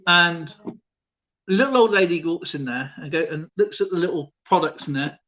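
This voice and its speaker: A man's voice: a little high, moderate pace, pushed and bright. A man hosting a stream in casual chat, telling rambling jokes and laughing often. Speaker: stream host.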